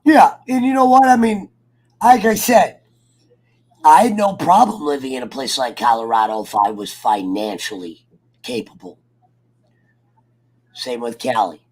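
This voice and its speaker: A man hosting a casual chat, loose and profane, quick to get excitable. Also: medium pitch, slightly rough. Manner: loose, profane and excitable, yells at his dog. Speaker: podcast host.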